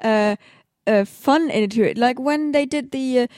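A woman's voice: high voice, a little mellow, clean tone, no echo, clean studio sound. Hesitant woman with a lilt. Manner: measured, hesitant with many fillers. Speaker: podcast co-host. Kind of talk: casual film discussion.

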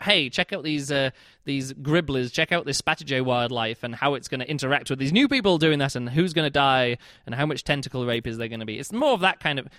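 A man's voice: mid-range voice, a bit bright, dry recording, studio quality. A man giving a casual spoken book review, chatty and rambling, with many fillers and restarts.

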